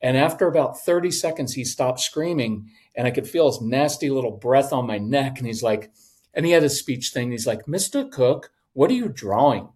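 Middle-aged man, podcast guest, animated storyteller who slips into voices. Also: mid-range voice, moderate pace. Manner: animated, acts out voices in anecdotes. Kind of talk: storytelling in a conversation.

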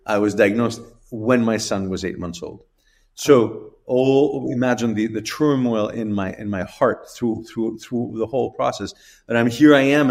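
A middle-aged man, an interview guest, tells a personal story in a halting, emotional way with restarts and small laughs. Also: lowish voice. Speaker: guest telling his story.

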